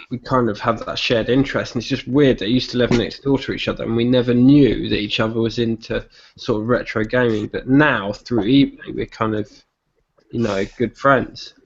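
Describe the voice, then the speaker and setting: A British man hosting a casual online chat, telling rambling anecdotes with plenty of fillers. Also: medium pitch. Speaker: podcast host. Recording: slightly dull with faint noise.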